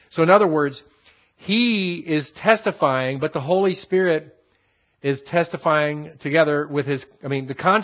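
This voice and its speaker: A man teaching a Bible passage verse by verse, stressing key phrases and repeating them slowly for emphasis. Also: on the high side. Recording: dull lo-fi recording.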